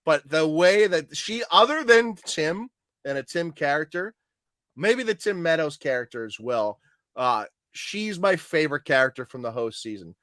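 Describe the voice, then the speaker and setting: A man's voice: on the high side, expressive, normal speed, a bit bright, no echo, studio quality. A man co-hosting a podcast in casual chat, laughing often and quoting lines with gusto. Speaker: podcast co-host.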